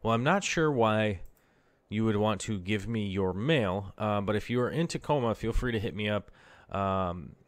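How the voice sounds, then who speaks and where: Relaxed male stream host, low and smooth, rambly and casual. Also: moderate pace. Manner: rambling, laid-back, many fillers. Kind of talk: casual live stream chat.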